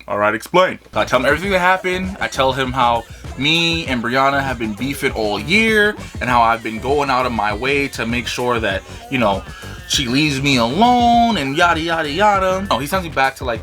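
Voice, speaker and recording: A man telling a funny childhood story in a casual, animated vlog style, swearing freely. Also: a little high. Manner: animated, swearing, lots of fillers. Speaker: vlogger.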